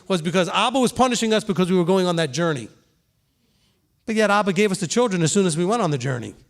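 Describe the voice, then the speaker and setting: A middle-aged man, a pastor, giving an earnest, conversational sermon and checking in with his listeners by asking "okay?". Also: sits high.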